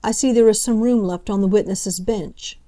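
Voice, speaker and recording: A woman doing a quavering, frail old gentleman. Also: mid-range voice, lightly acted. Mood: earnest, quavering. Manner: quavering, slow, formal.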